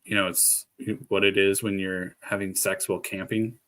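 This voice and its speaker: Male streamer, lisp, low-ish voice, loose rambling chat. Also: little pitch movement, normal speed, fairly bright tone. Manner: rambling, laughs often, swears casually. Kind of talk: casual chat.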